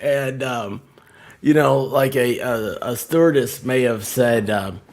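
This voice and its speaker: A man hosting a casual group chat, telling joking stories in a lively way. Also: medium pitch, slow. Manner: animated storyteller, lively and joking. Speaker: host.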